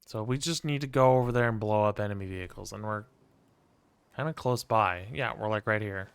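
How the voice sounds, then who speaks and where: A man's voice: on the low side, a little fast, vocal fry, smooth, no echo. A man streaming a game, chatting casually and ranting with plenty of profanity and wry asides. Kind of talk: casual gameplay commentary.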